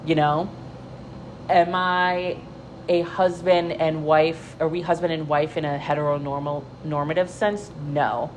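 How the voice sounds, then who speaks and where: Chatty low-voiced woman gossiping. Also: steady tone, normal speed, slight background noise, poor audio. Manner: chatty, profane, frequent fillers and restarts. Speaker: commentary vlogger. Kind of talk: casual gossip commentary.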